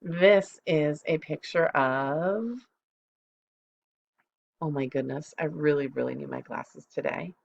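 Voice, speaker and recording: A middle-aged woman, a second grade teacher, giving a recorded phonics lesson, speaking slowly and clearly and spelling words out letter by letter. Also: sits low, lo-fi sound.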